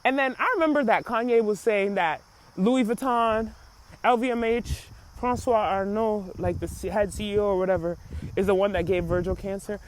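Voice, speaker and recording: A podcast host tells the story in casual slang and acts out the lines of the people involved. The voice sits at a middle pitch. Laughter breaks through between the points. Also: moderate pace. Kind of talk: casual commentary on a clip.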